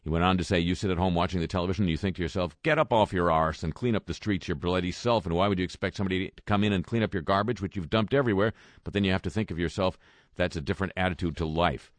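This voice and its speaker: A man's voice: deep voice, very fast, no room sound. A man reading a news roundup with dry, sarcastic asides between quoted statements. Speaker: radio news commentator. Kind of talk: wry spoken news roundup.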